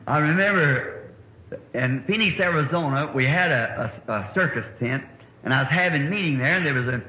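A man's voice: fairly high pitch, fairly quick. A middle-aged man, preaching a sermon in a folksy, rambling, anecdotal way. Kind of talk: sermon storytelling. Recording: echoey, dull old sermon recording with faint hiss.

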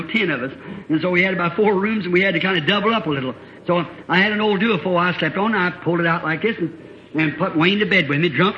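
A man preacher telling a story in a folksy, plain-spoken sermon that builds to shouts, on a dull lo-fi old tape. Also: sits high, a little hiss or hum.

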